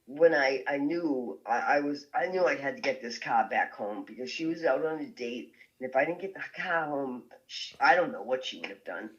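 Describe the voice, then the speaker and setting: A woman's voice: very deep voice, normal speed, dull audio. Woman guest telling a story with lots of laughs. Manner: lively, laughing often, full of restarts. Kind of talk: telling a story in a podcast interview.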